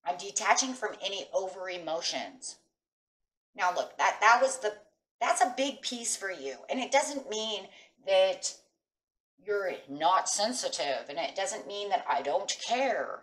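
A woman's voice: medium pitch, lively intonation, a little slow, a bit bright, recorded from a distance. A middle-aged woman giving a chatty tarot reading, talking straight to her viewers and checking in with "right?" as she goes. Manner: emphatic, talks straight to viewers with frequent "right?". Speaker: tarot reader. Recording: echoey room, voice off-mic.

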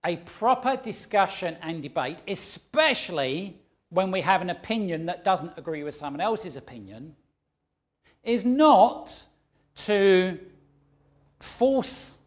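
A man's voice: sits high, expressive, takes it slowly. A man preaching a sermon in a church, earnest and emphatic as he tells a story.

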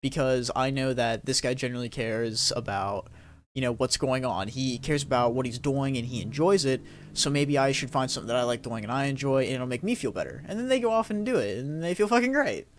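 Fast-talking upbeat young man. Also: mid-range voice, a little hiss or hum. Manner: rambling, upbeat, laughs often. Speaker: YouTube gaming creator. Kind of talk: casual talk to camera.

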